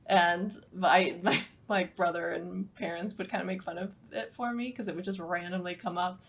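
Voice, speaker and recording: A woman's voice: fairly low pitch, steady tone, normal speed, creaky. A woman co-hosting a podcast in casual chat, rambling and laughing often. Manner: giggly, rambling. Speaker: podcast co-host.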